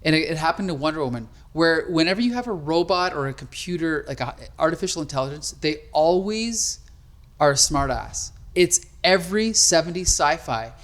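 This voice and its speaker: Animated podcast guy ranting. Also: fairly high pitch, brisk. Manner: animated, emphatic, rants with frequent "like". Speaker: podcast co-host. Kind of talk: casual chat.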